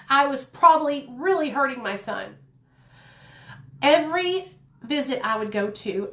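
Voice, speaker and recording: Speaking to "you guys" in a sincere, open storytime, a woman in her thirties recounts her own life from her home kitchen. Her pitch is fairly high, the tone fairly bright, and the room echoes.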